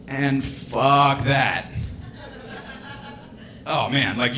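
A man's voice: on the low side, fairly bright tone, a little hiss or hum. A man in his late twenties doing a rambling, laid-back stand-up set in a comedy club, with casual swearing. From United States. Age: late 20s.

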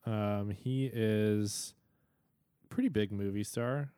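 A man co-hosting a casual book podcast, relaxed and a little hesitant. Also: fairly low pitch, slow, clear, resonant tone, no echo, studio quality. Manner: relaxed, hesitant, with frequent fillers. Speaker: podcast co-host.

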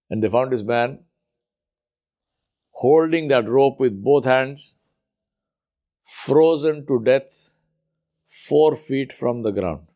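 A man's voice: medium pitch, dark tone. A man giving a sermon and telling a teaching story, repeating words for emphasis. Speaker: preacher.

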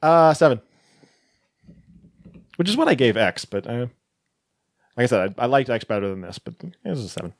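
A man co-hosting a podcast, joking and laughing easily. His pitch moves around a lot as he talks, at a middle height. The recording is dry and close. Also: sing-song, normal speed, pauses often, dry recording. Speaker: podcast co-host. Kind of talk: casual chat.

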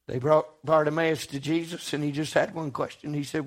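A man preaching a sermon, impassioned, dropping low and then rising to shouts. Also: little pitch movement, a little fast, few pauses. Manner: impassioned, swings between hushed and shouting.

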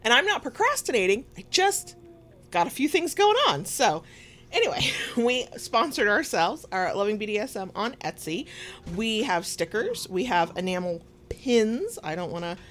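There's slight background noise as this Southern American woman co-hosts a podcast from her home recording room. Her medium-pitched voice is sing-song and a bit bright at normal speed, and her casual chat rambles through asides with frequent laughs.

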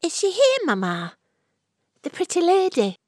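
Woman playing an eager simple young man, high childlike voice, dry close sound. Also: wildly swooping pitch, unhurried, a little mellow, no room sound, heavily acted.

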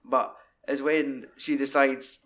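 A man in casual, sweary film chat, acting out scenes in high put-on voices. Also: flat delivery, takes it slowly, a bit bright.

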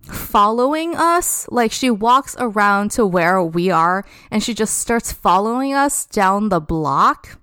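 Young woman, podcast guest, rambling casual storyteller; smooth tone, dry sound. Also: medium pitch, expressive, slow, fairly bright tone, no room sound. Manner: chatty, heavy use of "like".

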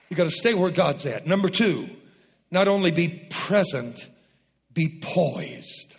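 A man preaching a sermon, calling on the congregation to repeat after him and rising to shouts. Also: a little high, expressive, a little slow, in a large hall, a little hiss or hum. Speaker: pastor.

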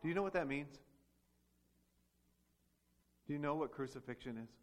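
A man's voice: a little high, animated, racing. A man preaching a sermon as pastor, asking the congregation rhetorical questions and acting out quoted speech.

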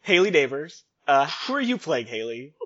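A man's voice: a little high, moderate pace. Laid-back man hosting a tabletop podcast. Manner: relaxed, rambling, laughs often. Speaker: game master and podcast host. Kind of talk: casual podcast chat. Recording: dull lo-fi audio.

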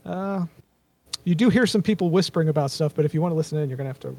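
A man narrating as game master, rambling and halting as he describes scenes to his players. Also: a little high, a little mellow, dry recording.

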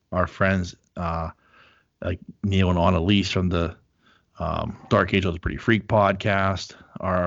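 A man's voice: deep voice, gravelly, a bit bright, no echo, muffled recording. Rambling, profane podcast host, a man. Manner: rambling, profane, lots of fillers. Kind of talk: casual chat.

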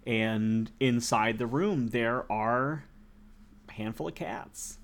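A man's voice: medium pitch, slow. A man running a tabletop role-play game as game master, rambling and often laughing.

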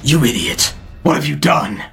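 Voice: medium pitch, lively intonation, normal speed, vocal fry, fairly bright tone. A game master voicing a curt, jumpy cat-folk assassin in a tabletop game. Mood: scornful.

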